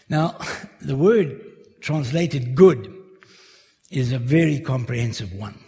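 A man preaching a sermon, slowly and carefully working through a Bible passage verse by verse. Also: a little high, lively intonation, a little mellow. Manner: slow, measured expository preaching. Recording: long hall reverb.

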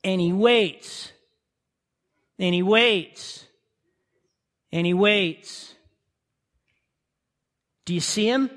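A man's voice: high-pitched, extremely slow, pauses often, fairly bright tone. A man preaching a sermon with impassioned storytelling and repeated rhetorical questions, recorded in a church sanctuary. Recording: long reverb of a large hall.

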